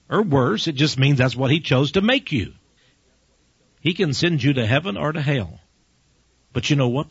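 A man's voice: a little high, fairly bright tone, slightly rough, dry recording. A man preaching a folksy radio sermon from his office desk, chuckling between his points. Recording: dull dry lo-fi radio recording.

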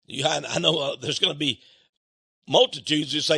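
An older man preaching a sermon in an animated way, acting out quoted people and swinging between loud and soft. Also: on the high side, normal speed, slightly rough, dry recording, clean studio sound.

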